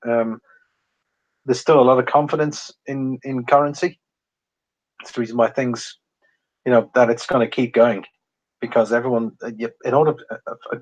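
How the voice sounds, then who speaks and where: A man's voice: mid-range voice, rough recording. A man from England hosting a precious metals livestream, chatting casually with many ums and reading out viewer comments. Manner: rambling, many ums, chuckles often.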